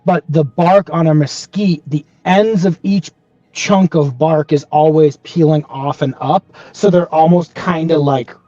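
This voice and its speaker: A man's voice: on the high side, fairly even intonation, measured pace, dark tone, dry recording, muffled recording. A man playing in a tabletop game, explaining things in a rambling, hesitant way. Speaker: player. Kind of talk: casual tabletop play.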